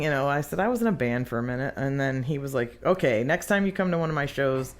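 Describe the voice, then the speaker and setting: A woman, a lead singer, telling lively stories in casual podcast chat, often laughing and acting out what others said. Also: rumbling low, quick pace. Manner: animated, laughs often, acts out quotes. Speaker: singer guest.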